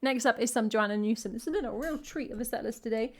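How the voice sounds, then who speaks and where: A woman's voice: on the high side, quick pace, a little hiss or hum. A woman from England, a singer-songwriter chatting playfully with wry jokes between songs on her live stream. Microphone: headphones and stream mic.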